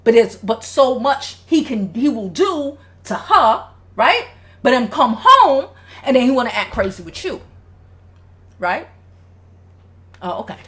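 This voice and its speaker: A woman's voice: a little high, very animated, a little slow, long pauses, a bit bright. A woman hosting a casual advice livestream, speaking bluntly with a lot of swearing and reading viewer comments aloud. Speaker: relationship advice host.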